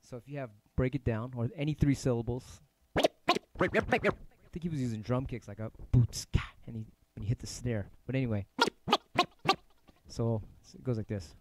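A man's voice: mid-range voice, normal speed, long pauses, slight background noise. A middle-aged man teaching turntable scratching in a casual livestream lesson, rambling loosely and swearing offhand. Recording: music playing underneath. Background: turntable music.

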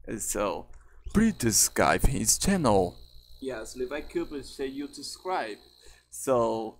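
A man hosting a casual vlog, talking in a halting way with many restarts and broken phrasing. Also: mid-range voice, very animated, dry recording. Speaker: channel host. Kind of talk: casual vlog chat about his characters.

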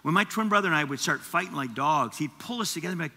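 A man preaching a sermon as teaching pastor, animated and conversational, with asides to the congregation. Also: on the high side, racing, hardly any pauses, husky, big-room sound. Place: church auditorium.

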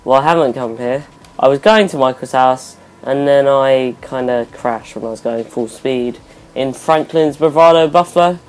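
A man's voice: mid-range voice, normal speed, darkish tone. A young man giving rambling, self-correcting let's play commentary over his gameplay as a gaming YouTuber.

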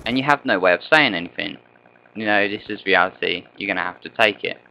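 A man's voice: low voice, quick pace, gravelly, background noise. A young man giving rambling gameplay commentary, chatty and full of rhetorical questions to his viewers. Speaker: gaming channel host.

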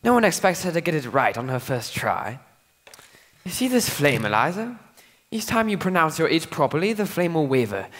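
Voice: mid-range voice, very animated. A performer playing an impatient male phonetics professor in a school stage musical, lecturing and drilling a pupil. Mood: lecturing, exasperated. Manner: brisk, exasperated, lecturing. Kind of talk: live stage musical acting.

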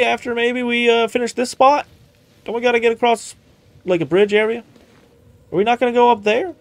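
Guy streaming a game, kinda high voice, talks to the screen, goofy fake country accent. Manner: chatty, talks to the game, exclaims and mutters; playful put-on country accent. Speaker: gaming streamer. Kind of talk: casual let's-play commentary.

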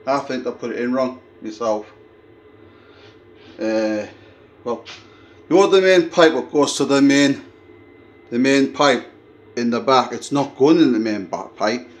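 A man chatting casually on a vlog, rambling and restarting as he tells a story while filming his own flat. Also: medium pitch, unhurried, long pauses. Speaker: vlogger.

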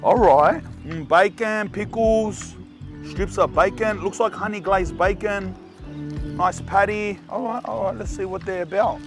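A man's voice: sits high, unhurried, over music. Joking Australian man hosting a food vlog. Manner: loud, joking, slangy banter. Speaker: food vlogger host. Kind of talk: casual vlog chat.

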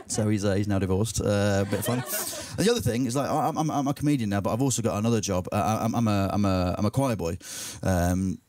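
A man's voice: lowish voice, fast, darkish tone, distant mic. A young man doing a stand-up comedy set, chatty and self-mocking, tripping over his words. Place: live comedy venue with audience.

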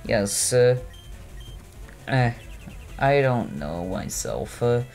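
Medium-pitched with big pitch swings, drawn-out words and a creaky, slightly mellow quality, this let's play host narrates a video game over soft background music. His commentary rambles, mocks himself and is packed with "uh" and "like," recorded as voice only with no webcam.

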